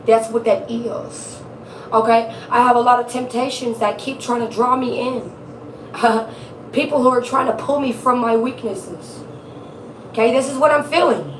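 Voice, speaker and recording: A woman's voice: fairly high pitch, measured pace, recorded from a distance, slight background noise. A woman giving a casual live tarot reading, chatty and laughing often, swearing freely. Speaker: tarot reader. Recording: echoey room, off-mic.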